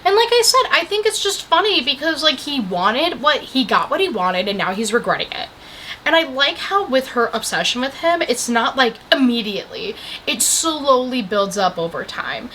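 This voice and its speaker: Chatty young woman with a bright voice. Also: high voice, moderate pace, a little hiss or hum, rough recording. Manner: chatty, animated, heavy use of "like"; breaks off to talk to the camera about her coffee and pillow. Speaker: vlogger reviewing a movie. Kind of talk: casual movie recap chat.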